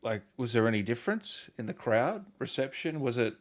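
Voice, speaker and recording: A man hosts a casual interview in a relaxed, easygoing way. His voice sits at a middling pitch for a man. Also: a little fast. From Australia. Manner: relaxed, easygoing, laughs along. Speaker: host, interviewer.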